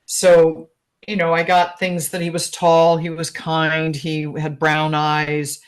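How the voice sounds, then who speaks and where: A woman in her sixties, a guest relationship expert, telling a personal story in a chatty, animated way, laughing often. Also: sits low, slow. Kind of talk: casual storytelling in an interview.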